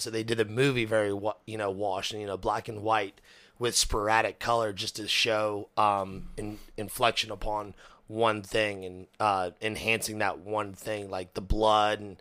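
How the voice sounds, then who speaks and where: A man's voice: lowish voice, a bit bright, dry recording. A young man hosting a podcast, chatting casually and animatedly, swearing often and acting out quotes. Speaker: podcast host. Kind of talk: casual chat.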